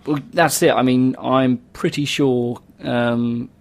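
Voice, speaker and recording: A man's voice: mid-range voice, steady tone, slow, vocal fry. A man co-hosting a casual chat show, talking hesitantly with many fillers. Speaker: co-host.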